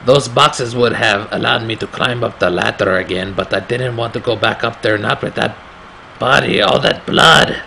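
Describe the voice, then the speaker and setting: A man putting on a strained, raspy voice to read a game's horror narration slowly and grimly. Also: lowish voice, pushed and bright, a little hiss or hum, low-quality recording. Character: gravelly grown man narrating his own horror story.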